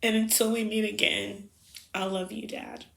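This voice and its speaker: Woman with a gravelly, emotional voice. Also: mid-range voice, little pitch movement. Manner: halting and emotional, with soft pauses and fillers. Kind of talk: heartfelt spoken farewell letters. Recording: roomy echo.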